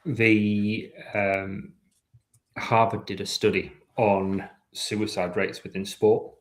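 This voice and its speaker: A man, co-hosting a sports podcast with a dry, measured delivery. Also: lowish voice, level tone. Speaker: podcast co-host. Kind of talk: casual chat.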